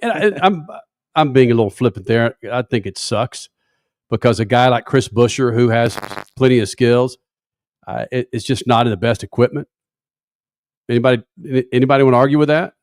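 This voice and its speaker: A man's voice: medium pitch, brisk, darkish tone, no echo. A man hosting a casual motorsports radio talk show from a studio, brash and flippant and swearing freely.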